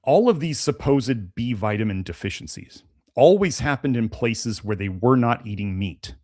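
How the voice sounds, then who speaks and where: A man's voice: mid-range voice, animated, normal speed, a little mellow. A man hosting a live-stream Q&A, answering chat questions in a casual, rambling way with many fillers and restarts, and sounding a little congested. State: slightly congested, sneezy. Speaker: host of a health podcast.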